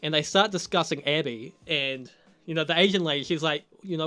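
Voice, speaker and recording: A man's voice: a little high, fairly quick, bright, forceful tone, clean tone. A young adult man giving a casual spoken TV episode review, talking loosely, swearing a lot and laughing often. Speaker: TV show reviewer.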